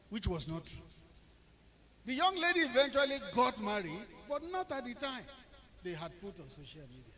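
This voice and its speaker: A middle-aged man with a Nigerian accent giving a public speech, telling anecdotes and swinging between quiet asides and loud, emphatic bursts. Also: sits high. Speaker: presidential aide speaking at an event.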